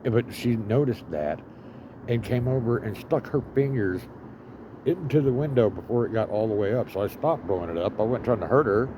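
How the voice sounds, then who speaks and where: A man's voice: mid-range voice, lively intonation, normal speed, background noise. A man telling a rambling story full of swearing and fillers, outdoors in an urban setting. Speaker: vlogger living homeless.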